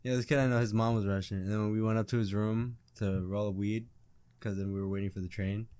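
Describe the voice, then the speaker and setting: A man's voice: fairly low pitch, steady tone, quick pace, darkish tone, clear, resonant tone. A young man co-hosting a podcast, joking around and telling a casual story. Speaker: podcast co-host.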